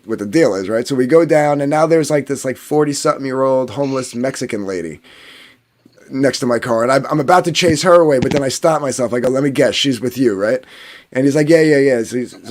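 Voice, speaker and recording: A man from New Jersey telling a long story in a rambling, casual way, full of fillers and swearing. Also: mid-range voice. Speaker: podcast panelist.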